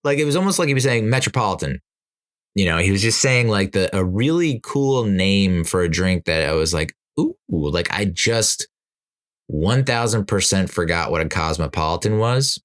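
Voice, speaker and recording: Low-voiced man telling a rambling story. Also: lively intonation, moderate pace. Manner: rambling, self-mocking, laughs at himself. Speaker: podcast host. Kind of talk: casual storytelling monologue.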